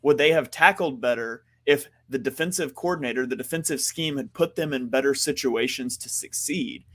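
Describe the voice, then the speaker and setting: A man co-hosting a sports podcast, telling a story with self-deprecating humor and then bluntly breaking down a defensive game plan. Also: mid-range voice. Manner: blunt, emphatic, quick football analysis. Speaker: podcast co-host. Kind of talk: casual sports talk.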